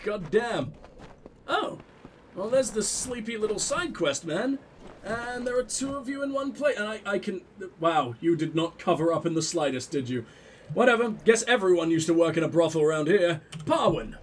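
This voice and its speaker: Young male let's player, high and animated, sarcastic, profane, faint music under. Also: moderate pace, a little hiss or hum. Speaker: let's play gamer. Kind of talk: sarcastic gameplay commentary.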